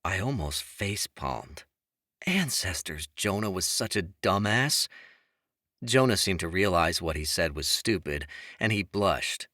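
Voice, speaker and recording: Wry, lively male audiobook narrator. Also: sits low, a little slow, dry recording, clean studio sound. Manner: wry and expressive. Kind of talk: first-person audiobook narration.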